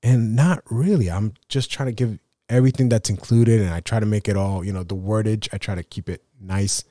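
A man's voice: fairly low pitch, fairly even intonation, brisk, dark tone, dry recording, clean studio sound. A man hosting his own photography podcast, talking in a rambling, self-deprecating way with many fillers and restarts. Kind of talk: casual solo podcast monologue.

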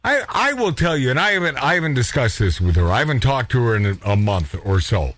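A man's voice: medium pitch, very animated, fast, a bit bright, no room sound. A man hosting a podcast aftershow, talking in a heated casual chat with frequent stammered restarts. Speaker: podcast host.

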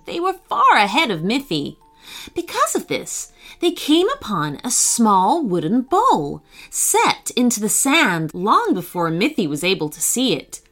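A woman reading a children's story aloud, bright and lively in pitch, taking her time over every line. Faint music sits under her voice. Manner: animated, warm storyteller. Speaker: storyteller host. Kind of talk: scripted narration.

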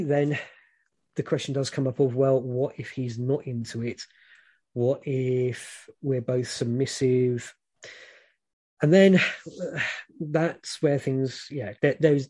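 A British man chats through frank advice in a relaxed, rambling way, full of ums and restarts. His voice is mellow and warm at a middling pitch. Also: unhurried. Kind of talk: casual advice chat.

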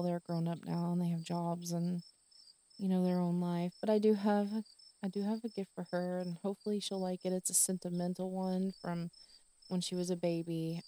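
A woman in her forties talks casually into her own podcast, rambling from one thought to the next. Her voice sits low and mellow, and her delivery stays even and level. She sounds easygoing and personal. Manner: rambling and chatty, with fillers and soft laughs. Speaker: podcast host. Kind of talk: casual solo podcast chat.

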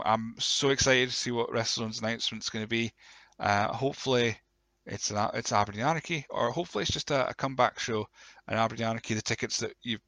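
A man hosting a live solo podcast, with a croaky voice, chatting in an excitable, rambling way and often correcting himself. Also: lowish voice, no room sound. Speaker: podcast host.

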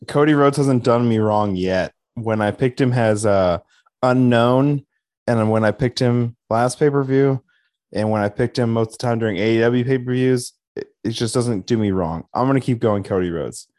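A man's voice: mid-range voice, moderate pace, a little mellow, dry recording, clean studio sound. A young man co-hosting a casual podcast, swearing and joking as he gives his picks. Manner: profane, joking, laughs often. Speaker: podcast co-host. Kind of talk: casual chat.

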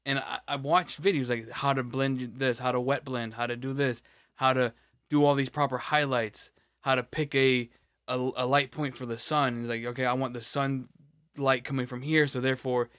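A man's voice: mid-range voice, flat delivery, moderate pace, fairly bright tone, no echo, studio quality. A man co-hosting a podcast in casual chat, rambling and swearing with many restarts. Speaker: podcast co-host.

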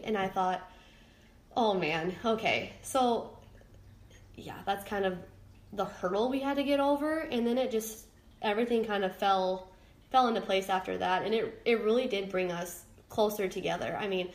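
A woman's voice: mid-range voice, normal speed. A young adult woman, a podcast guest, talking candidly and emotionally about her own life, often restarting and searching for words. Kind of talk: candid personal storytelling. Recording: roomy echo.

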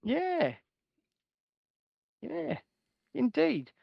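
A man's voice: very high-pitched, wildly swooping pitch, extremely slow, creaky, dry recording, muffled recording. A man co-hosting a podcast in casual, jokey banter, swearing freely. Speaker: podcast co-host. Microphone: home podcast mic with noise gate.

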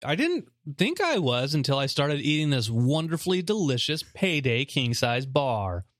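A man's voice: on the high side, very animated, normal speed, no room sound, clean studio sound. A man co-hosting a podcast in casual chat, playful and giggly, talking while snacking. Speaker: podcast co-host.

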